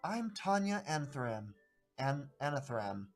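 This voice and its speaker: A man's voice: medium pitch, sing-song, slow, faint music behind. A man voicing a stern, commanding female half-orc mayor with a guttural orcish twang, speaking in a curt way. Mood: formal. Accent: guttural orcish twang, put on.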